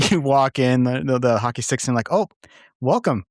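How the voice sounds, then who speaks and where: This podcast co-host has a mid-range voice and spends the conversation chatting casually and laughing frequently. It's recorded in a studio with no room sound at all.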